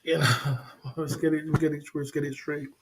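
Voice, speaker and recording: A man's voice: fairly high pitch, level tone, normal speed, background noise. Laughing man on a livestream. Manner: laughing often, drawling slang-heavy chat. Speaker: livestream host. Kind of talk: casual livestream chat.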